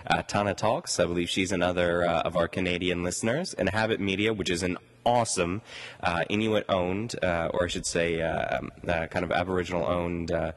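Guy with a lowish voice hosting a podcast, rambly, lots of ums, pitch shoots way up when he gets excited. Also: brisk. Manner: rambling, many fillers, jumps high in pitch when excited. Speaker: podcast host. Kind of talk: casual podcast chat and interview. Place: convention floor booth.

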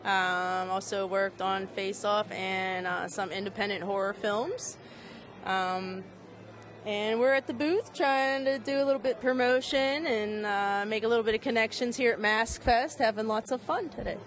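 A woman from Pittsburgh, Pennsylvania, with a voice of middling pitch, is a guest in a casual interview. She answers in a relaxed way and pauses often on ums. She speaks from a booth on a convention floor. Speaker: interview guest, makeup artist.

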